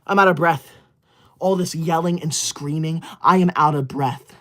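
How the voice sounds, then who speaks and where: Speaking at normal speed with an extremely high, animated, fairly bright voice, a man acts out an indignant livestreaming boy. The character is a touchy, self-righteous teacher's pet who melodramatically scolds and bans his viewers, all for a comedy skit.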